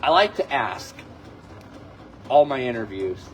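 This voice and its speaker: A man's voice: mid-range voice, big pitch swings, measured pace, a little hiss or hum, low-quality recording. A man interviewing a musician in a loose, rambling way, restarting his questions as he goes. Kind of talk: casual interview.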